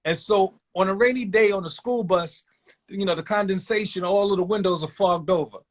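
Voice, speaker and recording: Guy telling a story from his school days, voice sits a bit high, animated. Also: brisk. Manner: animated, acts out other voices in quotes. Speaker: guest telling a personal story. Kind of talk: casual storytelling.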